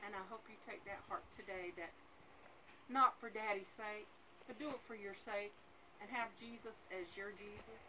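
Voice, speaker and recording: A woman's voice: mid-range voice, steady tone, moderate pace. Woman preaching at a graveside. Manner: emotional, preacherly, with call-and-response. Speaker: daughter speaking at a graveside service. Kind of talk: heartfelt eulogy with preaching. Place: outdoors at a rural graveside. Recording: loud outdoor background noise.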